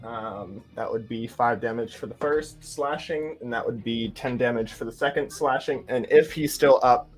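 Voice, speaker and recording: A man plays in a tabletop game, speaking at a middling pitch and eagerly describing his character's attacks move by move. His delivery is relaxed, like an everyday conversation, with faint music playing softly in the background. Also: normal speed, few pauses. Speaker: player.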